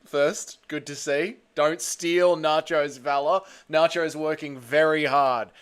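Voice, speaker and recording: A young Australian man hosting a casual livestream, a little hungover, bantering loudly with chat and calling everyone mate and brother. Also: fairly high pitch, fairly even intonation, slow pace, clean tone. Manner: loud, blokey banter with frequent "mate" and "brother". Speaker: livestream host.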